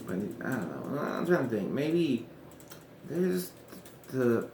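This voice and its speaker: With a lowish voice, this man muses casually on fantasy-booking wrestling storylines for his podcast, wandering off track, fixing his own slips, and chuckling along the way. Slight background noise and a roomy echo fill the recording.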